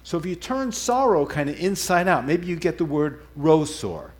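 A man preaching a conversational sermon, animated and digressive, often correcting himself mid-sentence. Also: on the high side, moderate pace.

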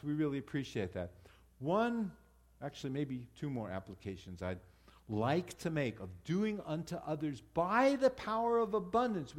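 A man with a slightly higher-pitched voice preaches to his congregation in an easy, conversational way. He pauses, restarts his phrases, and speaks directly to the people in front of him. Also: a little mellow. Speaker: congregation leader. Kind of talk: sermon.

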